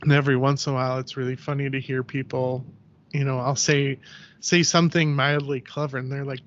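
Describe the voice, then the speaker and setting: A man's voice: medium pitch, a little fast, highs cut off. A man, a guest on a podcast, chatting casually and telling anecdotes in which he acts out what people said. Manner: animated storyteller who acts out quoted voices, heavy use of "like". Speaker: podcast guest, ceramic artist.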